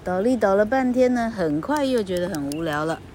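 A woman reading a children's storybook aloud and explaining it in a slow, expressive teaching manner. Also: medium pitch, slight background noise.

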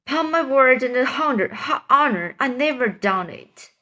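A woman's voice: high voice, expressive, sharp tone, voice pushed up, heavily acted. A woman voicing a frightened man accused of murder, pleading between sobs in a storybook reading. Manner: pleading, halting.

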